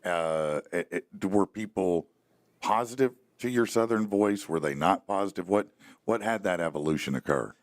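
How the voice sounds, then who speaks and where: A middle-aged male host with a very low voice chats casually with his guest. He rambles and restarts his sentences often, and the sound is dry and close. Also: normal speed, no echo. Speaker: podcast host. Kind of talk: casual interview chat.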